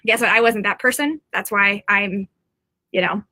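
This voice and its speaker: A woman's voice: mid-range voice, normal speed, bright, forceful tone, no echo. A middle-aged woman, a psychic medium, talking to viewers from home in a rambling, earnest live-stream monologue.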